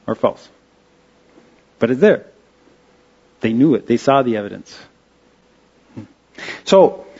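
A man giving an informal slide-show talk, halting and restarting with many fillers. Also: a little high, dark tone, breathy edge, muffled recording. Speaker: presenter.

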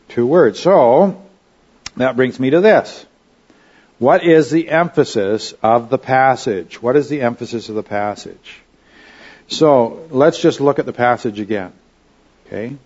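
A man's voice: mid-range voice, darkish tone, lo-fi sound. A man teaching a Bible study lesson in a conversational way, often checking in with his listeners.

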